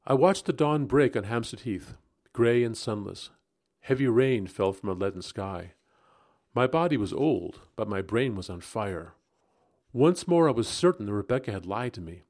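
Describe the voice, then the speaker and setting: Man reading a creepy story aloud, lowish voice, expressive, gets worked up at the tense bits. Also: normal speed. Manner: expressive, rising into agitation at tense moments. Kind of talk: dramatic audiobook narration.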